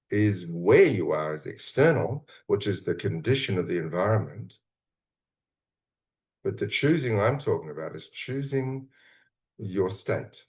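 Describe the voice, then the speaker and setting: A man with a notably deep, low voice leads a guided meditation. He talks in a slow, calm, soothing way, breaking his thoughts into short phrases with long pauses. He sounds middle-aged. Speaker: mentor leading a guided meditation.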